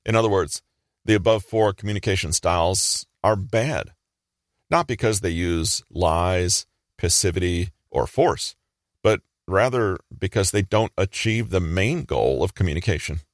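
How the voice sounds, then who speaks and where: A man giving a measured, explanatory scripted narration. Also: deep voice, no room sound, studio quality.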